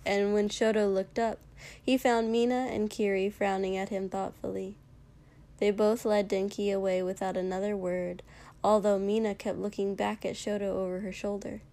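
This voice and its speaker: A woman narrating a fan fiction story aloud in an even, unhurried storytelling voice. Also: medium pitch.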